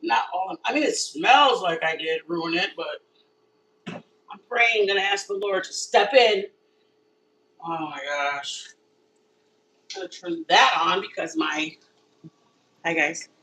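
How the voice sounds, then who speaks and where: Woman, live cooking host, bright chatty delivery, a little off-mic with faint kitchen hum. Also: on the low side, slow, pauses often, far from the mic, rough recording. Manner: chatty, animated, talks straight to viewers. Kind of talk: casual live cooking chat. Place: home kitchen.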